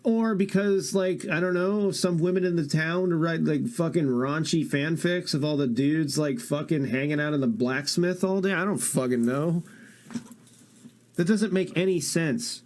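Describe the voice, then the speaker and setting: A man's voice: on the high side, unhurried, darkish tone. Swearing, incredulous streamer man. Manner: incredulous, swears a lot, jokey. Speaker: streamer reacting to a video. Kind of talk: casual profane stream commentary.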